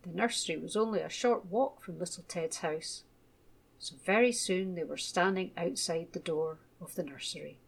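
A woman gently reading a children's story aloud. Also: on the low side, creaky, husky. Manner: gentle, measured.

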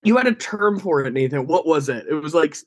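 A man's voice: on the high side, expressive, brisk, no echo. A man in a casual movie review chat, speaking effusively with stumbling restarts. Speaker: podcast co-host.

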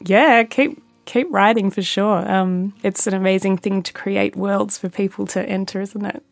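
A woman's voice: medium pitch, fairly even intonation, normal speed, creaky, dry recording, faint music behind. A woman interviewing in casual chat, encouraging and full of praise.

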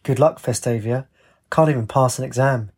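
A man with a husky voice voicing a headstrong, impatient teenage girl in an audiobook. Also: mid-range voice, moderate pace, a little mellow. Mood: sulky. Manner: exasperated, snappy retorts. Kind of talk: audiobook character voice.

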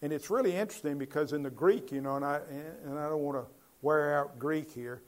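A man's voice: fairly high pitch, brisk. A man preaching a Bible-teaching sermon in a conversational way, asking his listeners questions and building to emphatic points.

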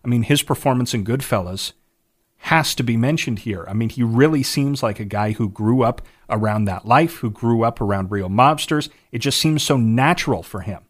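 A man's voice: medium pitch, moderate pace. A man hosting a movie podcast, talking about films in a chatty, enthusiastic way. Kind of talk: casual movie recommendation talk.

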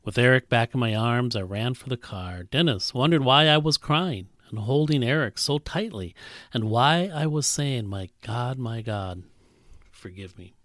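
A male pastor preaching, reading a story aloud and voicing its characters, earnest and dropping to a soft hush at tender moments. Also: animated, moderate pace, no room sound, studio quality. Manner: reads a story aloud, voicing characters with big pitch jumps. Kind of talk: sermon with read-aloud story.

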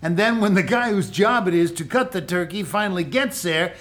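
An actor playing a nostalgic uncle who earnestly muses about old films at a family dinner. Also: male voice, high voice, expressive, fairly quick, fairly bright tone. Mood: musing. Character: older uncle, nostalgic film buff. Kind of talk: audio drama.

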